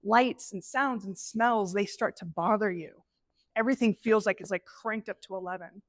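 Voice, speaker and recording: A middle-aged woman presenting a live workshop, animated and conversational, acting out inner voices as she teaches. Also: mid-range voice, normal speed, dry recording. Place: event space with an audience.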